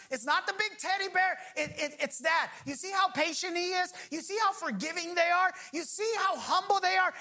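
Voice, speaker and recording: A woman pastor preaching a sermon. She speaks emphatically, slows down to stress key phrases, and prompts the congregation to finish her lines. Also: extremely high pitch, bright, forceful tone.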